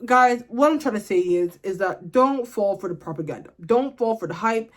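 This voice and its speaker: A woman's voice: medium pitch, animated, moderate pace. A woman, ranting bluntly and comically to camera in a casual vlog. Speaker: vlogger.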